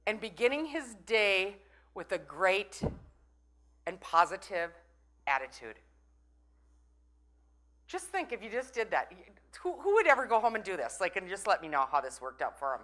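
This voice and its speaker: A woman's voice: mid-range voice, very animated, moderate pace, pauses often, fairly bright tone. A middle-aged woman from Minnesota, giving a chatty, playful motivational talk and teasing the audience. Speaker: conference breakout speaker.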